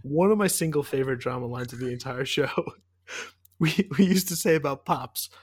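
A man's voice: mid-range voice, fairly quick, husky. A man co-hosting a casual podcast, briefly chiming in with his list and a joke. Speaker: podcast co-host. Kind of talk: casual chat.

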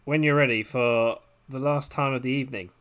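Man, mid-pitch, podcast host and referee, even-handed. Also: a little fast, clean tone. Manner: refereeing, trying to stay fair. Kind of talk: casual chat.

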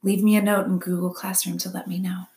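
A woman teacher reading a children's novel aloud to her class, with expressive, often hushed narration. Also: lowish voice, fairly quick, gravelly. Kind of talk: read-aloud storytelling.

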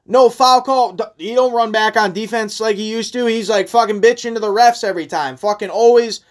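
Man, higher pitch, casual sports podcast, chatty, profane. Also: fairly quick. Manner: chatty, profane, runs through standings. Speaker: podcast co-host.

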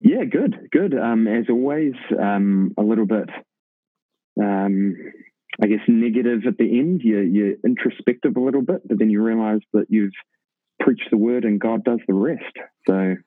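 A man giving short, laid-back answers as a guest in a casual podcast chat. His voice is low, and it comes through a thin, tinny phone-like line that sounds close and dry. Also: moderate pace, no room sound. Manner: brief, laid-back replies. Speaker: elder in training, podcast guest.

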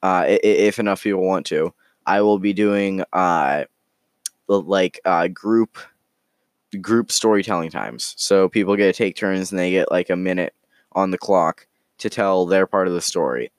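A man hosting a podcast, chatting casually and telling an improvised story in a rambling, joking, halting way. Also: deep voice, no room sound, clean studio sound. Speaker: podcast host.

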